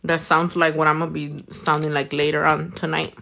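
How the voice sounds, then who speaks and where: Low, flat and brisk, this young California woman's voice comes out creaky, pushed and bright. She swears freely and chats while doing nails on a livestream tutorial, reading viewer comments, over a little background noise.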